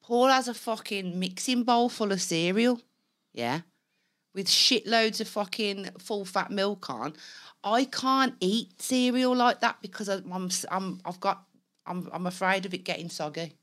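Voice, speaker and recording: A woman's voice: medium pitch, a little slow, fairly bright tone. A woman co-hosting a podcast, chatting frankly and casually and swearing freely. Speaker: podcast co-host. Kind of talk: casual banter.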